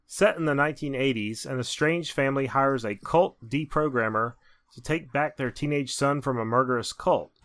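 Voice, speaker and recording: A man's voice: mid-range voice, a bit bright. A man co-hosting a horror movie podcast, reading movie summaries aloud and adding offhand opinions. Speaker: podcast co-host. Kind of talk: casual chat and reading movie blurbs.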